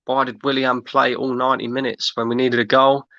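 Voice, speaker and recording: A man's voice: mid-range voice, little pitch movement, fairly quick, pushed and bright, dry recording, dull audio. A man hosting a fan livestream, ranting in exasperation and repeating himself while he reads out chat comments. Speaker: fan channel host. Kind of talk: livestream rant reading chat.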